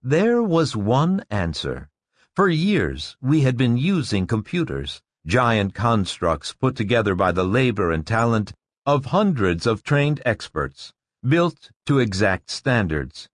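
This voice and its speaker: A man's voice: medium pitch, sing-song, slow, no room sound, studio quality. A man reading a story, voicing a confident male school director who lectures a class in a declamatory way. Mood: lecturing.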